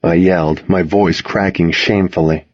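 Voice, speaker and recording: A man reading a dramatic first-person story aloud, expressive in his delivery. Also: on the low side, normal speed, husky, no echo, muffled recording. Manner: expressive, voices the other characters in his reading.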